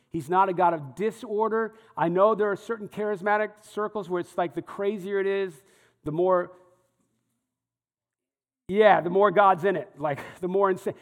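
A male pastor teaching a sermon, reading scripture aloud and explaining it conversationally. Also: high voice. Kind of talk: sermon teaching through a Bible passage. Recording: long hall reverb.

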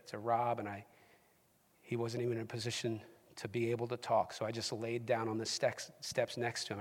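Male pastor, mid-pitched, sermon storytelling that swings from loud emphasis to hushed whispers, long hall reverb.

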